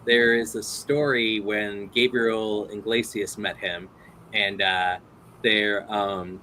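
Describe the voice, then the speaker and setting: A man's voice: lowish voice, level tone, takes it slowly, bright, forceful tone, a little hiss or hum, low-quality recording. Rambling, laughing male host. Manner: rambling, laughing storyteller with many fillers. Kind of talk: casual interview chat.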